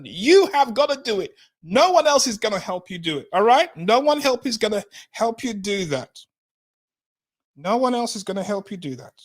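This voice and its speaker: Upbeat guy hosting a motivational livestream show, high-ish voice, keeps repeating his main points. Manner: energetic, repeats key phrases for emphasis; laughs often while talking. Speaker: talk show host. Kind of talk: live-streamed motivational talk show.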